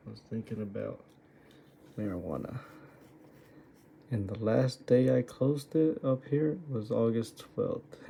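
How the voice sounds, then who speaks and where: A man's voice: lowish voice, a little slow, gravelly, long pauses, mellow, a little hiss or hum. A man going over his own trades and muttering to himself, exasperated and swearing at his own choices. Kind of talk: muttering self-critical screen review.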